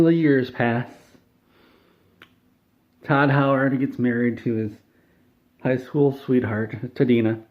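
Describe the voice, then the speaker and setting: A man telling an absurd made-up story in a deadpan, rambling way. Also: medium pitch. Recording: tinny phone-like sound.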